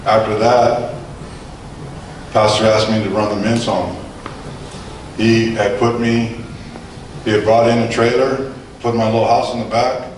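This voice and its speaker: A man's voice: lowish voice, flat delivery, measured pace, long pauses, slight background noise. A man in his forties or older giving a personal testimony to a church audience, telling his story conversationally and acting out the dialogue. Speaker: guest speaker giving testimony. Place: large echoey hall. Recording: echoey hall, voice from far off.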